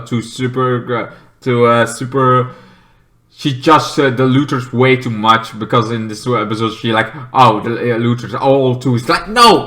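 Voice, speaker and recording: Alone, a man gives a casual review of TV episodes, rambling with many fillers. He periodically launches into shrill, shouted impressions of the characters.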